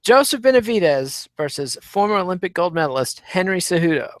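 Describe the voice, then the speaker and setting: Wry man with a fairly high voice. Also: big pitch swings, brisk, no echo. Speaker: podcast co-host. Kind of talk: casual chat.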